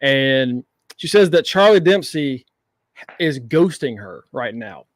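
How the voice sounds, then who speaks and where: A man co-hosting a casual wrestling recap, relaxed and quick to laugh. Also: medium pitch, no echo. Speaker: podcast co-host.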